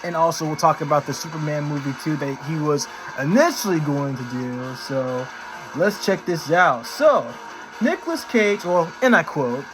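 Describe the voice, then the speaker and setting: A man's voice: a little high, expressive, moderate pace, poor audio. A man hosting a casual vlog, chatty and upbeat, reading out a news article and laughing along. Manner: upbeat, chatty, laughs at his own impressions. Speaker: channel host. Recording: clear background music.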